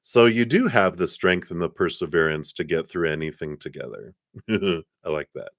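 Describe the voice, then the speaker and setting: A man giving a live tarot reading, chatty and warm-humored, laughing often and trailing off with fillers. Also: deep voice, expressive, normal speed, no echo, studio quality. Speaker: tarot card reader.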